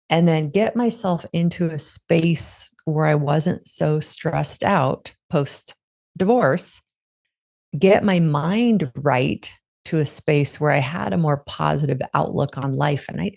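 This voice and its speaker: A woman's voice: sits low, vocal fry, darkish tone. A middle-aged woman, a podcast guest, telling her personal story in a candid, reflective way. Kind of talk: conversational interview.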